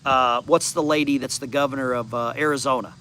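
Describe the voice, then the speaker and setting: A man in his fifties with a bright, forceful voice talks casually from his backyard, rambling from one viewer comment to the next. A faint hum of background noise sits under his voice outdoors. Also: mid-range voice, fairly even intonation, brisk. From United States. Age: 50s. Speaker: channel host.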